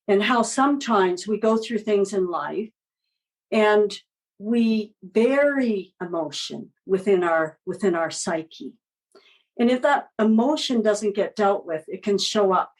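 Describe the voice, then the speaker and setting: A woman, a children's book author, telling a story as a guest in a podcast interview in a gentle, encouraging way. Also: mid-range voice, poor audio.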